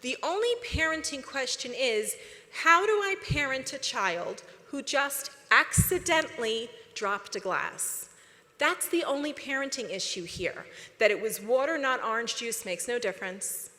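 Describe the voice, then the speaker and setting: A woman speaks to a conference audience in a bright, fairly high voice. She is chatty and animated, tossing questions to the crowd, and the long reverb of a big hall trails her words. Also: unhurried. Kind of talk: conference talk.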